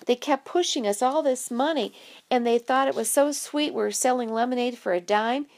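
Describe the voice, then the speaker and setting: A woman's voice: a little high, moderate pace, darkish tone, pitched above the performer's own voice, lightly acted. A woman voicing a joking, cocky boy who likes to show off. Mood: breezy.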